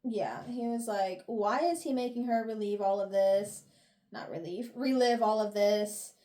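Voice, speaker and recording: A woman's voice: mid-range voice, fairly even intonation, measured pace, dark tone. A young woman co-hosting a book review podcast, retelling chapters casually and acting out the characters' lines with lots of laughs. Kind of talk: casual book recap chat.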